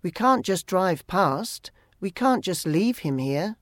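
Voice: medium pitch, animated, slow, dry recording, studio quality. A reader voicing a serious, protective father in an audiobook, giving firm orders. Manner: serious, commanding. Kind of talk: audiobook character reading.

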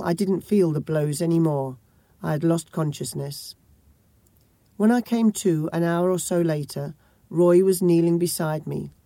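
Brief: woman audiobook narrator, measured grave delivery, mellow voice, dry close recording. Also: on the low side, no room sound. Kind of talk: first-person audiobook narration.

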